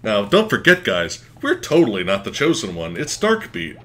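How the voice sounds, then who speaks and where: Animated, bright-voiced male game streamer. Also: fairly low pitch, moderate pace. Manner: excitable, chatty, swears when worked up. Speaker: let's play streamer. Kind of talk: live game commentary. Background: faint game music.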